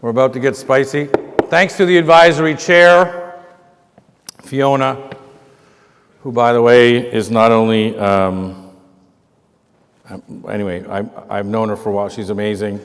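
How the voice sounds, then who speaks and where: A man giving a festival lecture in a rambling, self-mocking way, often pausing with fillers. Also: fairly low pitch, clean tone. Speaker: keynote lecturer. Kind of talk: informal speech with anecdotes. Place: large festival lecture hall. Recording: reverberant lecture hall.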